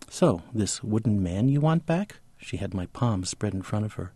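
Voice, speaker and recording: A man's voice: lowish voice, mellow, breathy edge, dry recording. A man talking about a book as a guest, chuckling often, rambling a little, and reading excerpts aloud. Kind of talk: casual book talk with read-aloud excerpts.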